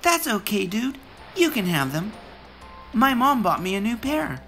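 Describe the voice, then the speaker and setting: Brief: chirpy, high little boy, voiced by the storyteller, easygoing and bright. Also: big pitch swings, a little slow, soft background music, full character voice. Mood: friendly.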